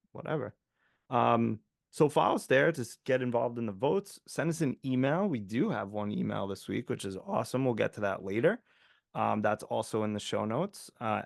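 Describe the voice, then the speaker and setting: A man co-hosting a casual movie podcast, rambling with many fillers and sometimes getting excited. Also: medium pitch, creaky, no room sound, studio quality. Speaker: podcast co-host.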